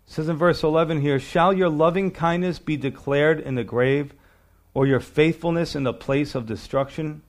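A man's voice: fairly high pitch, normal speed. A middle-aged male pastor teaching a sermon verse by verse, reading scripture aloud and asking his listeners rhetorical questions in a conversational preaching manner.

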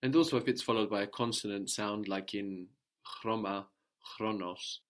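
A man's voice: on the low side, brisk. A man teaching a language lesson, patiently prompting his student and repeating the answers.

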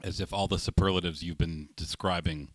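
A man's voice: low voice, fairly even intonation, a little fast, dry recording. A man co-hosting a live music stream, speaking in a laid-back, hesitant way with many fillers. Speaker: co-host of a music livestream. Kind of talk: casual live-stream chat.

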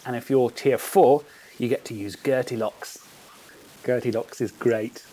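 A man's voice: medium pitch, unhurried, rough recording. A man, a podcast host chatting casually and reading out a playful story with relish. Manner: playful, animated storyteller who laughs at his own jokes. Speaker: podcast host, tournament organiser. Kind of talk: casual podcast chat with a read-aloud story.

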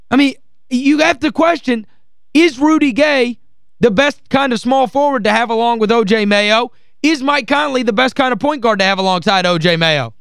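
A man's voice: very high voice, vocal fry, fairly bright tone, clear, resonant tone, no echo. A male sports radio host in a studio, ranting heatedly and with exasperation, hammering his points home by repeating phrases. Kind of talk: call-in sports talk rant.

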